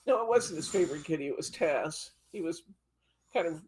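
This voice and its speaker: A woman's voice: sits low, expressive, a little fast, a little mellow, slight background noise. A woman leading a live-streamed card-making class, chatting and telling stories with frequent giggles. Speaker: craft class instructor.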